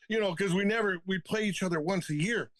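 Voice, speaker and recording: A man's voice: sits high, fairly quick, a bit bright, no room sound. A man in his fifties, a retired hockey enforcer, telling stories as a podcast guest with plenty of swearing and laughter. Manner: profane, laughing anecdotes. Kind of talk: casual storytelling.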